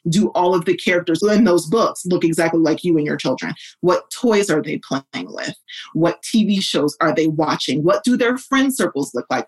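A woman in her thirties, an educator and podcast guest, speaking earnestly and vividly, jumping higher in pitch when she quotes others. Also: slightly rough, poor audio. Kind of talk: podcast interview answer.

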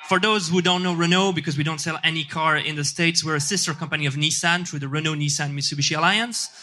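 A man gives a brief business pitch in a bright, slightly high voice. He is earnest and a little halting. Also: steady tone. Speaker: corporate lab employee giving a pitch. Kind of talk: short elevator pitch.

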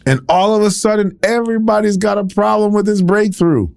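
A man's voice: sits high, moderate pace, vocal fry, a little mellow, clean tone, no room sound, clean studio sound. A man preaching a sermon with passion, acting out the voices of the people he quotes.

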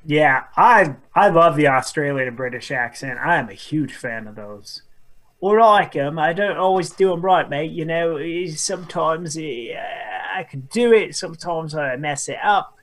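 A man's voice: a little high, animated, unhurried, fairly bright tone. A man co-hosting a casual comedy radio show, joking and rambling and laughing at his own jokes. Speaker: co-host.

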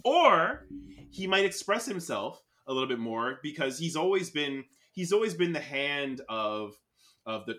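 Lively, bright-voiced young man teasing friends. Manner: lively and teasing, swings up in pitch when excited. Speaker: podcast co-host. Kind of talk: casual comedy chat.

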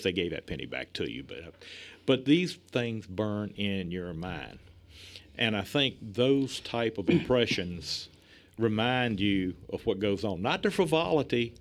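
A middle-aged man telling stories in a casual chat, animated and chuckling, acting out the lines he quotes. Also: on the low side.

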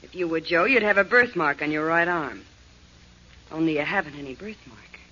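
An actress playing a cool, sharp-tongued young woman in a 1940s radio drama. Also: low-pitched, moderate pace, a little hiss or hum. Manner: crisp and cool. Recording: dull old radio recording.

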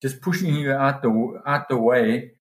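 Animated man recounting a dive story. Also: normal speed. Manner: animated, pitch jumps when quoting others. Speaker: dive guide telling a story. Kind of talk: casual storytelling in an interview. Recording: roomy echo.

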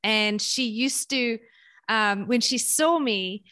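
A woman from South Africa with a fairly high voice, chatting as a podcast guest. She tells her stories with animation, slipping into quoted voices and repeating her words as she goes. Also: slow, bright, forceful tone. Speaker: parenting guest. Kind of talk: casual podcast conversation.

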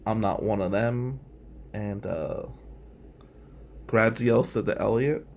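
Gravelly-voiced man telling a story. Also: lowish voice, takes it slowly, pauses often, slight background noise. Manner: animated, swears freely, acts out quoted speech loudly. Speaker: podcast host. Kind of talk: personal storytelling monologue.

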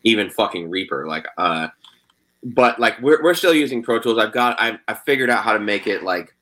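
A man's voice: on the low side, lively intonation, moderate pace, fairly bright tone. A young man, a guitarist, chatting casually, swearing often and saying "dude" and "like" a lot. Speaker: guitarist in a band. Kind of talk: casual chat.

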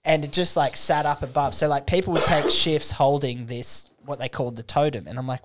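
A man's voice: medium pitch, fairly even intonation, fairly quick, background noise. Swearing Australian man telling a story. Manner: laid-back storytelling, swearing, acting out the people he quotes. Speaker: guest storyteller. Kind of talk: casual drunken podcast chat.

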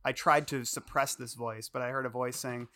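A man's voice: medium pitch, steady tone, moderate pace, pushed and bright. Co-host, man with a mid-range voice, easygoing, playful, steers the conversation. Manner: jokey, leads the segments. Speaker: podcast co-host. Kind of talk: casual podcast chat.

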